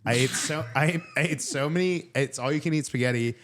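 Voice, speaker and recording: A man co-hosting a comedy podcast, telling rambling, animated stories in casual chat with lots of fillers. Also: a little high, brisk. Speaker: podcast co-host.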